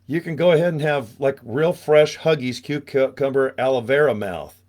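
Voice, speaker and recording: A man's voice: mid-range voice, moderate pace, a little mellow. A man, hosting a live webinar from a small studio in a joking, rambling, casual way. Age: 50s. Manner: joking, rambling, tangent-prone. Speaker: webinar host. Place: small radio studio room.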